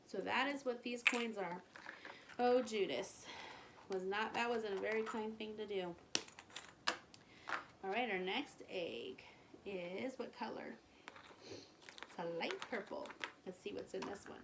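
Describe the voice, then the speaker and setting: Woman, higher voice, sing-song children's storyteller, faint hiss behind. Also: unhurried. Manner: animated, sing-song, asks the listener questions.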